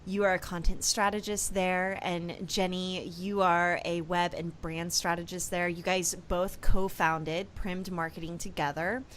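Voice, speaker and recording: A woman's voice: mid-range voice, fairly bright tone, a little hiss or hum. A woman hosting a podcast, reading an introduction and welcoming her guests in an upbeat way. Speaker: podcast host. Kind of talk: podcast interview, scripted intro.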